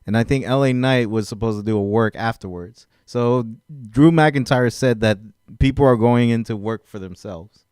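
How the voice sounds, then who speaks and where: A man's voice: mid-range voice, normal speed, a little mellow, clear, resonant tone, no room sound, studio quality. A man co-hosting a wrestling podcast in casual, jokey chat, laughing easily. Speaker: podcast co-host.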